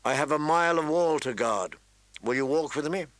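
A man voicing an earnest young man on night watch, in a plain, even way. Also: a little high, normal speed, dry recording.

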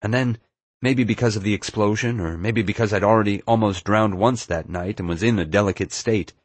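A man reading a first-person adventure story aloud in a steady, measured way. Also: lowish voice, no echo. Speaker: audiobook narrator. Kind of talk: scripted first-person narration.

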